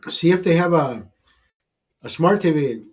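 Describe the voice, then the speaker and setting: Man host, fairly high voice, loose, swearing, laughing, casual storytelling. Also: lively intonation, unhurried. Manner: profane, rambling, laughs often, repeats himself. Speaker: show host. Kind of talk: casual live-stream storytelling. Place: studio.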